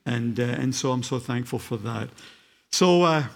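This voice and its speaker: Preaching as a guest in a church, an older Scottish man with a faint accent stumbles through fillers at first, then builds to fervent emphasis. His voice is medium in pitch and carries vocal fry.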